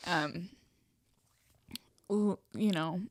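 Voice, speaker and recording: Young woman podcast co-host, lower voice, dry close sound, chatty and emotional storyteller. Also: drawn-out words, dry recording. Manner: emotional storytelling with many fillers. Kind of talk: casual chat.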